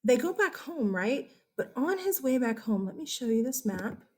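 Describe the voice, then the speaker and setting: A woman history teacher lectures in a loose, chatty way. She corrects herself as she goes and keeps turning to the class with quick questions. Her voice sits a little on the high side. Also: sing-song, a little mellow. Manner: chatty, self-correcting, asks students questions.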